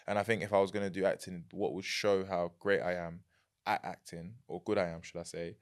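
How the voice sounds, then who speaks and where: A young man with a London accent, chatting as a podcast guest, animated and quick to laugh. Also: low-pitched. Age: young adult. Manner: animated, laughs easily, repeats words. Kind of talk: casual chat.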